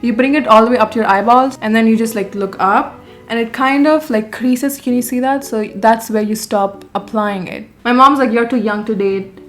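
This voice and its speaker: A woman's voice: a little high, moderate pace, a bit bright, soft background music. A woman in her twenties chatting casually while doing her makeup, blunt and sarcastic, swearing freely. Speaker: beauty vlogger. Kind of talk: casual get-ready-with-me storytime.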